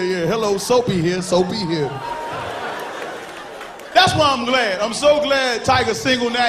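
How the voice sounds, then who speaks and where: A man with a notably high-pitched voice performs stand-up on a live stage, telling his stories loud and animated and shouting the punchlines. He acts out the characters in his bits as he goes. Audience laughter and a faint room noise sit under the handheld mic. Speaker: stand-up comedian. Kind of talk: stand-up comedy set. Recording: live show with crowd noise.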